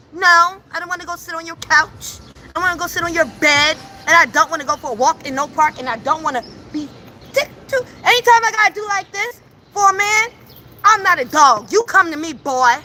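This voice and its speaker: A woman on a live stream, telling a story with emphatic, animated delivery and frequent laughter. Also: sits high, a little hiss or hum. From New York. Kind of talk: casual storytelling on a livestream. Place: at home.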